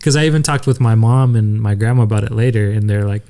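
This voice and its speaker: A man's voice: lowish voice, quick pace, warm tone. A young man co-hosting a casual podcast, telling a travel story and acting out the voices of people he met. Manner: storytelling, acts out quoted voices. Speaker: podcast co-host. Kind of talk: casual chat.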